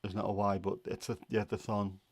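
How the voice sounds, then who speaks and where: A livestream host, a man with a lilt and a fairly low voice, keeps up casual, easygoing chatter. He tends to ramble a little, voices strong opinions, and frequently hesitates with "um." The audio is intimate and dry, with no sense of the room.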